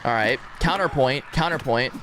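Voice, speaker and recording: A man's voice: mid-range voice, moderate pace, slight background noise. A young man streaming a game live, chatting casually with crude jokes and frequent laughter. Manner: animated, laughing, crude joking. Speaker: gaming streamer.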